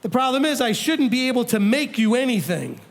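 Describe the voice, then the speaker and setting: A man teaching a congregation as its rabbi, talking in a conversational, animated way, acting out quoted people and putting questions to the audience. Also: extremely high pitch, brisk, creaky.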